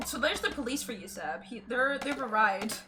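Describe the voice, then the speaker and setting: A woman's voice: fairly high pitch, lively intonation, normal speed, a crowd in the background. A woman streaming a game, chatting casually and playfully, laughing often. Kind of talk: casual gaming stream chat.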